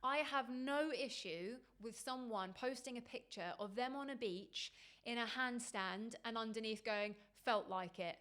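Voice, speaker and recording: A woman's voice: on the high side, unhurried, a bit bright. A woman, a yoga teacher co-hosting a podcast, talking thoughtfully and reflectively with many agreeing interjections. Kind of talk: conversational podcast chat.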